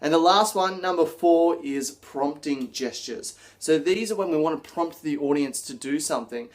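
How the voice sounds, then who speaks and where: A man presenting an instructional video on public speaking, energetic and acting out example lines as he explains. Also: fairly high pitch, normal speed.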